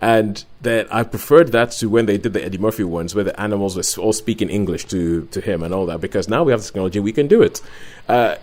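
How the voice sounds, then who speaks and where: A man co-hosting a film podcast, setting up a movie in a chatty, joking way with quick asides. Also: fairly low pitch, darkish tone. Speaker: podcast co-host. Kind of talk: casual film review chat.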